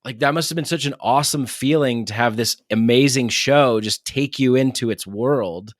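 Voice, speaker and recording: A man's voice: mid-range voice, normal speed, no room sound, studio quality. A man talking as a comedian guest on a podcast, rambling casually with many restarts. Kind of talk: casual chat.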